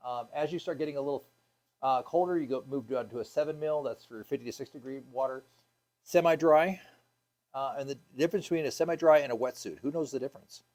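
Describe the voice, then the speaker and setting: A man's voice: mid-range voice, quick pace, darkish tone. A man teaching a scuba diving class, casual and upbeat, with many ums and uhs, asking the class questions.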